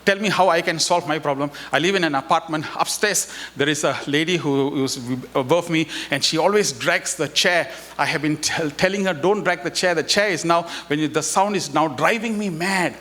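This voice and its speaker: A man's voice: a little high, moderate pace, few pauses, sharp tone. A man playing an exasperated, pleading woman. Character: exasperated woman fed up with a noisy neighbor.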